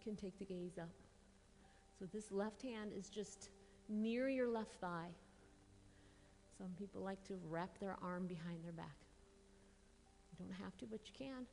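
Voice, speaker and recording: A woman teaching a yoga class, giving calm, encouraging step-by-step cues while slightly out of breath. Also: on the low side, in a large hall. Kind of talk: guided yoga class instruction.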